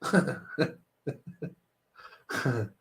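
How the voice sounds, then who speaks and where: A man's voice: extremely slow, a bit bright. A man hosting a live tarot stream, chatting casually with viewers, joking and laughing often. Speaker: tarot livestream host.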